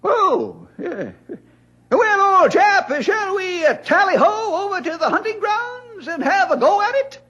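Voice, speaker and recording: An actor playing a feisty, bow-legged old male forest ranger who talks in a folksy, boastful, excitable way, in 1950s radio drama style. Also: very high-pitched, normal speed, full character voice. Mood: excited. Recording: dull lo-fi old radio recording.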